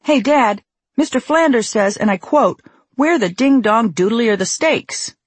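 A woman's voice: fairly high pitch, expressive, measured pace, husky, no echo, pitched above the performer's own voice. A woman reading the lines of a cheeky young cartoon boy from a script.

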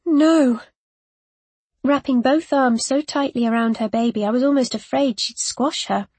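Woman, audiobook narration, first person, higher voice, dry sound. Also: moderate pace, a little mellow, husky, no room sound.

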